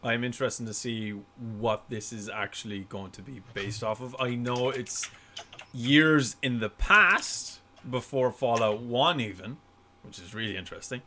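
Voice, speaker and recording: A man hosting a casual podcast, chatting excitably and breaking into laughter. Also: medium pitch, unhurried, slight background noise.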